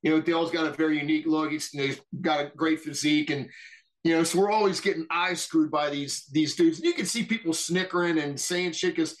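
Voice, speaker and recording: A middle-aged man telling war stories on a podcast in a casual, profane and animated way, acting out what others said. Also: fairly high pitch, brisk. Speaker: podcast guest. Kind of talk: casual storytelling.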